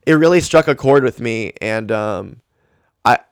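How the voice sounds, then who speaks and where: A man's voice: mid-range voice, lively intonation, a little slow, clean tone, no room sound. A man hosting a solo podcast, ranting and rambling candidly into a close mic. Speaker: podcast host. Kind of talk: casual solo podcast rant.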